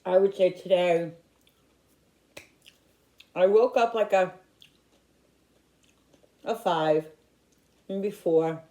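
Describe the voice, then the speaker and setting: Low-voiced, heartfelt woman vlogger. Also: extremely slow, pauses often, mellow, muffled recording. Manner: heartfelt, rambling with restarts. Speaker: YouTuber. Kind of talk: personal vlog talk. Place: home in upstate New York.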